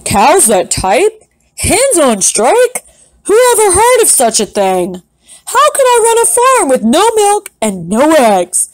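An exasperated storybook farmer, as a woman puts him on, loud and indignant, his voice climbing high in disbelief. It is delivered slowly with lively swings in pitch, in a dry, close sound. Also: no room sound, full character voice, low-quality recording. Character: exasperated grown male farmer, easily riled.

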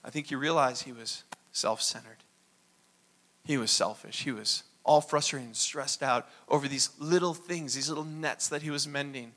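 A man preaching a sermon as pastor, animated and acting out little dialogues. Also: mid-range voice, moderate pace.

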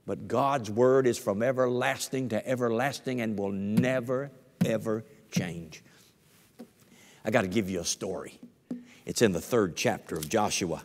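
A man's voice: lowish voice, unhurried. An older man, a pastor, preaching a conversational sermon to his congregation and stretching out key phrases for emphasis. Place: church sanctuary. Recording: long reverb of a church hall.

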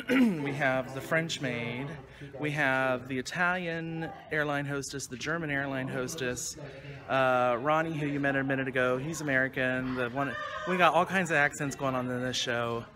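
A man's voice: medium pitch, normal speed, crowd noise. A man with a slight West Virginia accent hosting a casual backstage chat, joking and teasing the cast. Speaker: host. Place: theater set, indoors. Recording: noisy room sound.

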